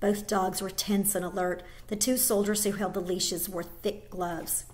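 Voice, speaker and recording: A woman teacher reading a children's novel aloud to her class, expressive and with small slips. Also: medium pitch, unhurried.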